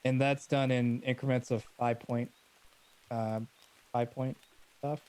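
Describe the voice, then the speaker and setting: A man playing a tabletop game, chatting casually about the rules in a hurried way. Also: mid-range voice, flat delivery, darkish tone, clear, resonant tone. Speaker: player.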